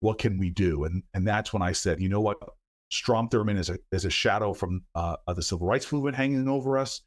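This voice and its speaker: Earnest low-voiced middle-aged man. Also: brisk. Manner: earnest, stumbles and repeats words, acts out quoted voices. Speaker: senator and book author, guest. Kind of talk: conversational interview answers.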